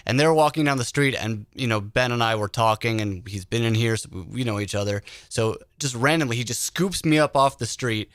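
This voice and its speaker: A man hosting a podcast, telling an animated story in a casual chat. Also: mid-range voice, a little fast, hardly any pauses, dry recording, studio quality. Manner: animated storyteller who acts out quoted voices. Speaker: podcast host.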